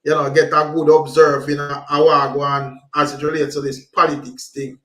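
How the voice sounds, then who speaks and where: Jamaican man shouting out stream viewers. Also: a little high, flat delivery, moderate pace, reverberant. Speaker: livestream host. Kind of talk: casual livestream chat.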